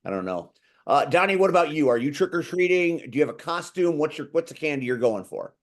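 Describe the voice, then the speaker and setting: Guy hosting a chill video call chat, teasing everyone, kinda high voice. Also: lively intonation, fast. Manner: joking, teasing. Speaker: host. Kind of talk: casual group chat.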